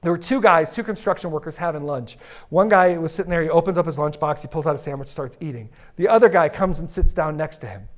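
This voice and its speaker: A middle-aged man giving a humorous keynote talk, telling stories and acting out the people in them with big swings in his voice. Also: quick pace. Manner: animated, acts out characters in stories; lively, dramatic pitch swings. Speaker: keynote speaker.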